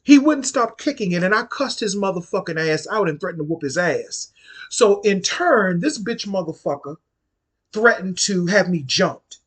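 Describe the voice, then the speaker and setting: In an animated storytime vlog, a forties-aged man from the D.C. area speaks at a moderate pace with a husky, faintly breathy, rather bright voice whose pitch rises and falls a lot. He curses bluntly and hammers points by repeating himself.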